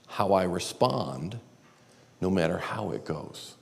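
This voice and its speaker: A low, gravelly-voiced man tells candid, self-deprecating stories as he teaches a seminar. His voice carries a long reverb from a large church auditorium, recorded live. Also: animated, takes it slowly. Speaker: seminar speaker. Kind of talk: storytelling teaching talk.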